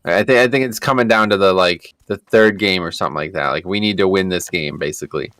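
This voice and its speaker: Low-voiced man telling a rambling story. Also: fast talker, no room sound. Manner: animated, rambling, swears freely. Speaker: streamer. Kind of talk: casual storytelling during a gameplay stream.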